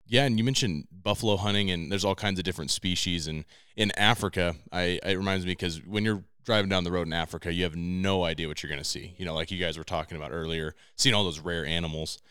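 A man's voice: deep voice, steady tone, fast talker, bright, forceful tone, smooth, no room sound, studio quality. A man hosting an interview, steadily setting up his guest's next story. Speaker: podcast host, interviewer. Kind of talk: conversational interview.

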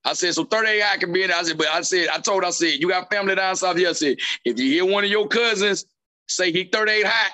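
Man, podcast host, slightly high voice, animated storytelling, does voices for quotes. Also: quick pace. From southern United States. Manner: animated, retells his dad's lines in voices. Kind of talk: casual storytelling chat.

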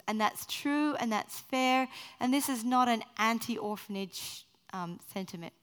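Middle-aged woman sharing her testimony in a church hall, bit high voice, long hall echo. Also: a little slow, few pauses, smooth. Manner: animated storyteller, self-mocking, acts out quotes. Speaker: missionary speaker. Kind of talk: personal testimony talk. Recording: reverberant hall.

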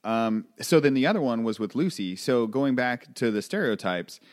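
A man's voice: medium pitch, normal speed, no echo, studio quality. A man who is a podcast guest, chatting casually and telling funny stories about being a father. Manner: chatty storyteller, frequent restarts and laughs. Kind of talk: casual chat.

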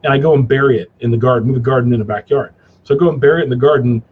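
A man guest in a casual interview, telling stories in an animated way, laughing and acting out his father's gruff lines. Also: mid-range voice, rapid-fire, narrow, tinny audio, a little hiss or hum. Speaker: cigar company guest.

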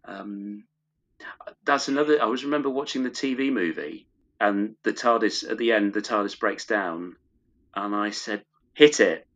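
Give me a middle-aged podcast guest, a man with a low voice who rambles and restarts, recorded on a muffled, lo-fi line. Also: normal speed, fairly bright tone. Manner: rambling, many restarts, fond enthusiasm. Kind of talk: casual chat. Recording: dull lo-fi recording.

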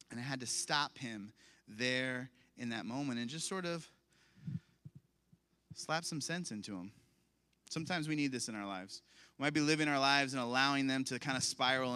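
A man in his thirties preaching a sermon, telling stories and acting out the voices of the people in them. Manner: animated, storytelling, acts out voices with big pitch swings. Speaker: pastor.

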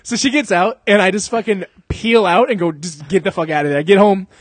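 Young male podcast co-host, slightly high voice, dry close sound, relaxed storyteller who swears freely. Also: brisk, no room sound. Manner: laid-back, profane, laughs often. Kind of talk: casual storytelling chat. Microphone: podcast microphone.

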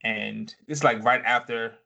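Bright, clear-toned dude chatting loosely about a tv episode, lots of "like", cussing. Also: male voice, medium pitch, fairly even intonation, measured pace. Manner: laid-back, swears freely, lots of "like" and "you know". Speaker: podcast co-host. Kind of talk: casual chat recapping a TV episode.

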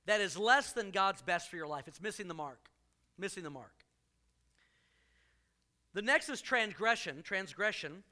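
A man preaching a sermon to a congregation, joking with the crowd and punching key lines with sudden loud emphasis. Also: high-pitched. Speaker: pastor.

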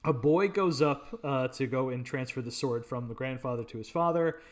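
A man's voice: medium pitch, normal speed. A man co-hosting a film review podcast, eagerly recapping the plot with many "uh"s and "um"s. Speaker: podcast co-host. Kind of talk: casual film review chat.

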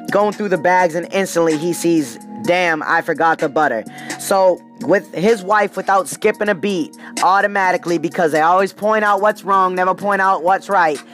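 A man with a notably high voice tells a comedic story in a loose, slangy style, often calling out to his listeners. Faint music plays underneath his podcast monologue. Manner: animated, slangy, addresses listeners directly. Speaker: podcast host.

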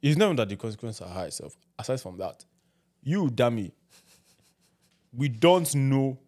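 A man's voice: medium pitch, animated, measured pace, a little mellow. A man from Nigeria with a Nigerian accent, talking in a casual group chat and repeating himself for emphasis. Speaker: podcast co-host.

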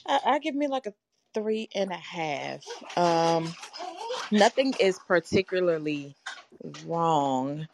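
A woman co-hosting a podcast, chatting casually through a morning check-in with lots of ums and pauses, a little nervous. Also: on the low side. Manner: relaxed, halting with many ums. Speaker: podcast co-host.

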